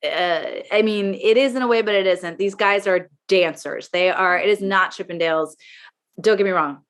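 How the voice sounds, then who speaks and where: A woman's voice: mid-range voice, moderate pace. A middle-aged woman performer chatting as a podcast guest, rambling with plenty of fillers. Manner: rambling, lots of fillers, warm praise. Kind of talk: casual chat.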